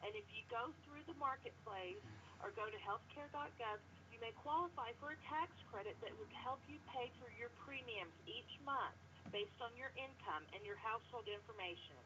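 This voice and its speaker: Female phone rep, polite and firm, slightly high voice, lo-fi line with faint noise. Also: moderate pace. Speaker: call center representative. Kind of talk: customer service phone call.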